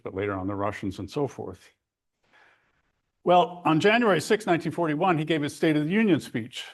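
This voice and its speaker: A man giving an academic history lecture, telling stories in a lively, conversational way with asides to the audience. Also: medium pitch.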